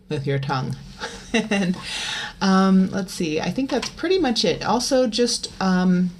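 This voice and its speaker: A woman with a fairly low speaking voice leads a singing lesson in a relaxed, chatty way. She stops now and then for loud twangy sung demonstrations. A faint hiss sits under the recording. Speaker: voice teacher. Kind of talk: vocal lesson.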